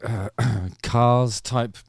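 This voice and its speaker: A man's voice: medium pitch, fairly even intonation, extremely slow, creaky, slightly rough, no room sound, clean studio sound. A man hosting a music channel, reacting to songs in a rambling, hesitant casual commentary full of ums.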